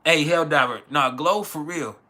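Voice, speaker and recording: This West Texas livestream host fires off blunt, profane opinions while responding to chat, his voice fairly high, bright, and forceful at a normal speed.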